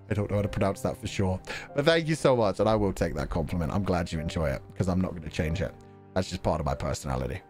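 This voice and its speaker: A man's voice: deep voice, expressive, quick pace, a little mellow, soft background music. A man chatting casually on a livestream, reading chat messages, laughing often and poking fun at himself. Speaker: game streamer reading chat.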